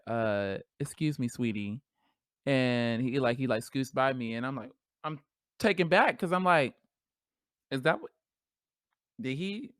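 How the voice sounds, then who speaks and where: A woman hosting a podcast solo, talking in a casual, animated, slangy way and laughing often. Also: rumbling low, clean tone, dry recording, studio quality. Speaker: podcast host.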